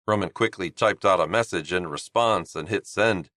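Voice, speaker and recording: A man narrating an audiobook in a steady, even storytelling manner on a close studio mic. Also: sits low, moderate pace, hardly any pauses, no room sound. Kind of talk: scripted narration.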